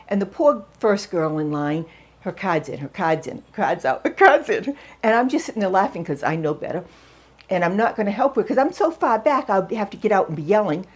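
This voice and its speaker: A woman in her sixties from New England telling stories in a casual home vlog, excitable and quick to laugh. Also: on the low side. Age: 60s. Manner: excitable, laughs often, acts out voices in stories. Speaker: vlogger. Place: at home, drying her hair.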